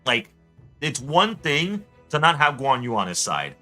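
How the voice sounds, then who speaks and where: Young guy streaming a game, bright crisp voice, excitable rambling, faint music behind. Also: mid-range voice, a little slow. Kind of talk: casual gameplay chat.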